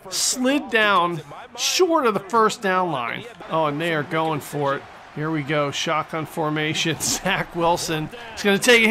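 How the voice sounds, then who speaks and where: A man giving excitable play-by-play commentary over a football video game, exclaiming at big plays and mocking the other team. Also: a little high, moderate pace. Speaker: gaming channel host. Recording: stadium crowd noise from the game behind.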